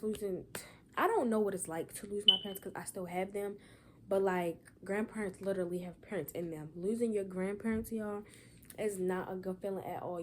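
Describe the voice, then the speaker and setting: A woman's voice: medium pitch, darkish tone, slight background noise. A young woman talks in an emotional personal vlog, holding back tears and rambling with many "y'all" and "like" fillers. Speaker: vlogger.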